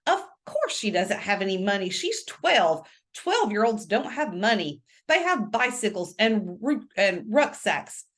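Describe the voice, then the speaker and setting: A woman's voice: mid-range voice, sing-song, unhurried, hardly any pauses, fairly bright tone. A woman voicing a polite, cheerful male lawyer with a British accent.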